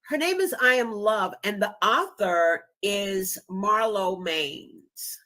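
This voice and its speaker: A woman's voice: mid-range voice, expressive, slow pace, sharp tone. A woman guest on a live stream, speaking in a heartfelt, emotional way. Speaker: guest podcaster. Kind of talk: casual live-stream chat.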